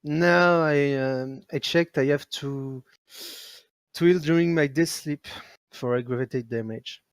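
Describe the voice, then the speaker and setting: A man playing a tabletop game, explaining his moves in an unhurried, halting way. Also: on the high side, no echo. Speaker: player.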